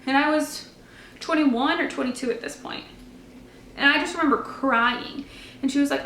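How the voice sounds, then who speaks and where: A young woman in her twenties talks straight to the camera, telling her own story in a candid, earnest way. Her voice sits a little high, and the room around her has a noticeable echo. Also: moderate pace, long pauses, bright, forceful tone, slight background noise. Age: 20s. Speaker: vlogger. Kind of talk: personal story vlog.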